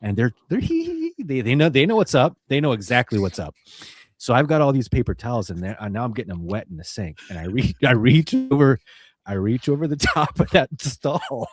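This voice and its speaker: Animated, laughing male podcast host. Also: mid-range voice, fairly quick. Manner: animated storyteller, laughs often, swears freely. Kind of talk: casual storytelling chat.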